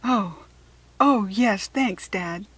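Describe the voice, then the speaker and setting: A woman's voice: medium pitch, very slow, a bit bright, husky, heavily acted. A woman voicing an earnest young farm girl who pleads in a raised voice. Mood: pleading.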